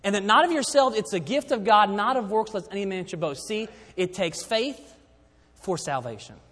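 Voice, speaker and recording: Man preaching, high-pitched voice, quiet emphatic drops, long hall reverb, church sanctuary. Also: animated, moderate pace. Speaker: pastor. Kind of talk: sermon.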